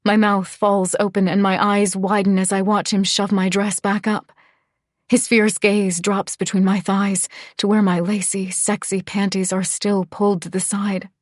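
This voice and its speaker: A woman narrating a first-person romance audiobook in a soft, breathy, half-whispered reading. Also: mid-range voice, flat delivery, measured pace, no room sound, clean studio sound.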